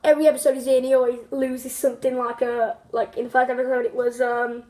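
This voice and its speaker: A woman's voice: high voice, fairly even intonation, fast, hardly any pauses, dark tone. A woman hosting a casual, unscripted countdown video, rambling with many fillers, restarts and small giggles. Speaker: video host.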